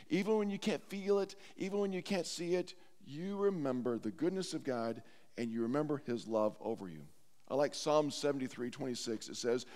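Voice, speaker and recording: A man preaching a sermon as pastor, earnest and slowing down to stress scripture lines. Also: a little high, darkish tone, big-room sound. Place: church sanctuary.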